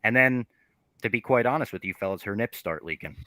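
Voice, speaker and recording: A man's voice: fairly low pitch, animated, brisk, over a noisy crowd. A man recapping a show on a podcast with dry, wry storytelling. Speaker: podcast co-host. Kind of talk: casual recap narration.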